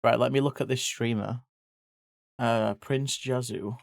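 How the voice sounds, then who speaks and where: This is a livestreamer chatting away casually while drawing, with loose, unfiltered talk. The voice sits at a middle pitch, and every so often it jumps into excited squeals. The sound is close and dry, with no room around it. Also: unhurried, gravelly, dry recording. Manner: chatty, swears casually, bursts into excited yelps.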